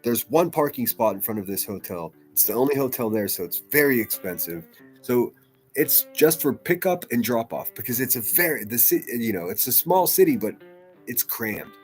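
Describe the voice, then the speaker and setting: A man's voice: medium pitch, expressive, moderate pace, faint music behind. A man hosting a casual livestream, reading chat comments aloud and rambling in a loose, profane way. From United States. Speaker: livestream host.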